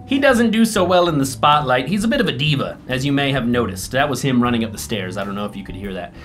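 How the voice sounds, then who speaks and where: A man vlogging, telling a story in a casual, animated way, swearing and mocking people through quick impressions. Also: medium pitch, over music.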